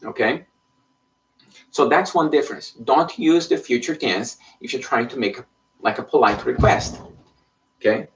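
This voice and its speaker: A man's voice: medium pitch, expressive, normal speed, long pauses. A man teaching an online Spanish lesson in English, explaining patiently and checking in with frequent "okay?". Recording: voice somewhat far from the mic.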